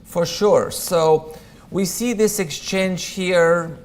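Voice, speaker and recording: In a church room, a man teaches a Bible class in a high voice, drawing out his words. He's conversational, with plenty of ums and friendly, chatty asides.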